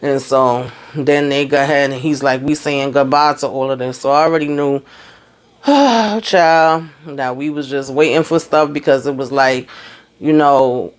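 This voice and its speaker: A man giving a casual recap of a TV episode, telling it in an animated, rambling way with lots of fillers. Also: medium pitch, a little slow, smooth. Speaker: TV show reviewer.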